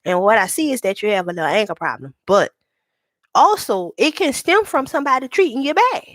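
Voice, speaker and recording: A woman giving a live tarot reading to viewers, speaking candidly and reassuringly, reading card meanings slowly and calling people sweetheart. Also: fairly high pitch, sing-song, no echo, studio quality.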